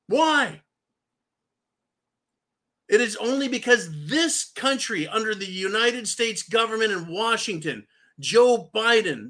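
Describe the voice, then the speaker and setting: A man with a high, bright voice delivers a profane political rant, swearing freely and turning again and again to his "folks". He speaks as a commentary-show host and sounds vehement throughout.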